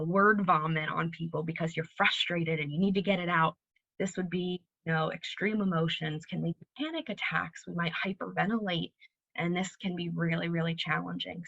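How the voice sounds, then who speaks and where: A woman's voice: lowish voice, dry recording, muffled recording. A woman giving a recorded library presentation, explaining ideas steadily and walking through examples. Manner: clear, steady teaching delivery with examples.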